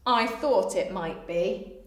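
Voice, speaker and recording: A calm, patient male village vet from a storybook, read aloud by a woman. He gives mild, matter-of-fact reassurance in a fairly high, bright voice. The sound carries the echo of a bare room. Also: slow pace. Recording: echoey room.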